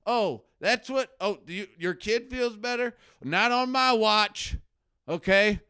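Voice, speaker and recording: A man playing a blustering, paranoid male anti-drug crusader doctor who hosts a live stream from his basement, ranting between mutters and shouts. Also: high voice, slow, clear, resonant tone, no echo, studio quality, heavily acted. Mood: outraged. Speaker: comedy show host. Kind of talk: satirical character live stream. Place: home basement.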